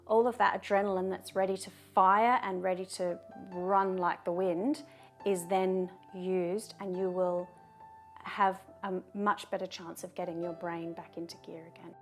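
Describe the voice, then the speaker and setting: A woman talking to camera in a video, giving calm, measured advice and turning firm when she gives short commands. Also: medium pitch, faint music behind. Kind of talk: direct-to-camera advice talk.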